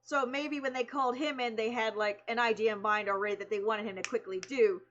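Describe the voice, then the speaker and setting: A woman streamer telling a long anecdote in casual chat, rambling and animated, with lots of fillers. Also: on the high side, a little fast, dull audio, a little hiss or hum. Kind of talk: casual storytelling.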